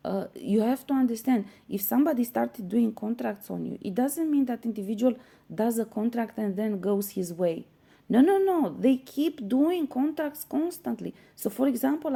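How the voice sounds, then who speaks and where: Earnest woman with a gravelly, mellow voice. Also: medium pitch. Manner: earnest, insistent, many fillers and restarts. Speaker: spiritual channel host. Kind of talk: spiritual teaching monologue.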